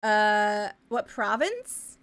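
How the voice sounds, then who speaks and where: A woman from Ontario, chatting casually as a live streamer while she draws. She thinks aloud with many fillers and often trails off into quiet mumbles. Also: medium pitch, very animated, extremely slow. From Canada, Ontario. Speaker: live streamer and pixel artist. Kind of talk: casual chat while drawing.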